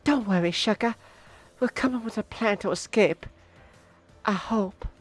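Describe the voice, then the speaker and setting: A man's voice: high voice, measured pace, faint music behind, pitched above the performer's own voice. A man voicing a sweet-talking young female rabbit fighter who calls people sugar, in a comic read on stream. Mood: reassuring.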